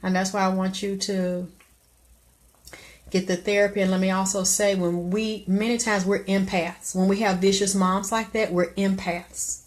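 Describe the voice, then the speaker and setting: A middle-aged woman hosting a live stream, giving blunt, profane advice in a preachy way, breaking now and then into loud exclamations. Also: medium pitch, little pitch movement, moderate pace.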